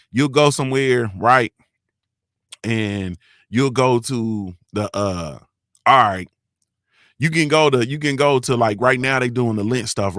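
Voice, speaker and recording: A man's voice: lowish voice, a bit bright, no room sound, clean studio sound. A man hosting a morning show, talking in loose slang with swearing and laughter, often checking in with his listeners. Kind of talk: casual live-stream chat.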